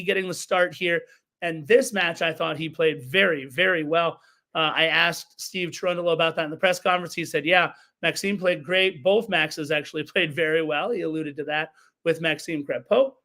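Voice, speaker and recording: A man's voice: high-pitched, a bit bright. A man hosting a live soccer podcast, recapping a match with enthusiasm and chatty self-corrections. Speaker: podcast host.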